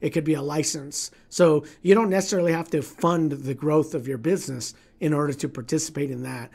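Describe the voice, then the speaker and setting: A man's voice: fairly high pitch, steady tone, brisk, gravelly, darkish tone. Blunt, profane man hosting a livestream. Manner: blunt, profane, storytelling with acted inner dialogue. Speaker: livestream host giving business advice. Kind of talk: casual livestream Q&A talk.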